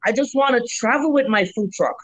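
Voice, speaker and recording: A middle-aged Jamaican woman, a food vendor, chatting in an interview as a lively storyteller who swears freely. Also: a little high, brisk, no echo, poor audio. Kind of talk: casual interview chat.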